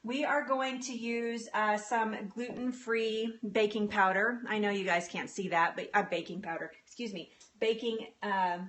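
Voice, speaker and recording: A woman's voice: medium pitch, fairly even intonation, moderate pace, few pauses, fairly bright tone, slight background noise. Woman, live baking demo host, bubbly, chatty, laughs a lot, greets viewers, flustered restarts, small home kitchen. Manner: flustered, with frequent restarts and self-corrections. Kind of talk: casual live cooking demonstration.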